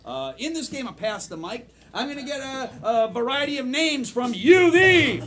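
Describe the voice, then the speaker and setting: A man's voice: very high-pitched, sing-song, moderate pace, fairly bright tone. A man in his fifties hosting a live improv comedy show on stage, hyping up the crowd and explaining the games. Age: 50s. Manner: upbeat, hypes the crowd.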